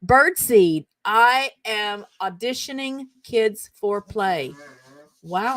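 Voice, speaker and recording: A woman's voice: mid-range voice, slow, fairly bright tone, no room sound. A middle-aged woman hosting her own show, chattily reading funny texts aloud and breaking into giggles. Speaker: show host. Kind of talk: casual reading aloud and chat.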